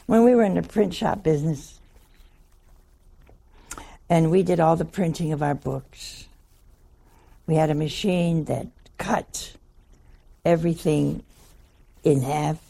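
A woman's voice: deep voice, slow pace, vocal fry, pauses often, warm tone. An older woman, a nun, telling a funny story in a wry, folksy, chuckling way. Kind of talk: humorous anecdotal storytelling talk.

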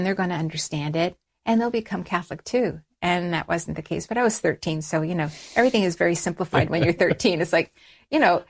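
A middle-aged woman telling a personal story as an interview guest, lively, raising her voice when she quotes people. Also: fairly low pitch, fast, husky. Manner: animated storytelling, acts out quoted dialogue in a raised voice. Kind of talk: personal conversion story in conversation.

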